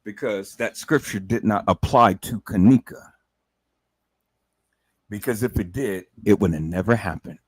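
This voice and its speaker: A man's voice: lowish voice, measured pace, long pauses, husky, no room sound, low-quality recording. A man hosting a commentary livestream, ranting angrily with constant profanity and repetition.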